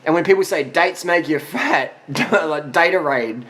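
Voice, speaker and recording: A man's voice: fairly high pitch, normal speed, a bit bright. A man of forty giving blunt, profane answers to viewer questions in a casual monologue, worn out after a long ride. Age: 40s.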